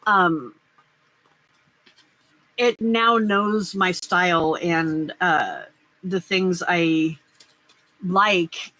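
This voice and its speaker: A woman's voice: fairly low pitch, fairly bright tone, rough recording. A middle-aged woman hosting a casual live stream, chatting and rambling as she crafts and answers viewers' comments. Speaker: livestream host.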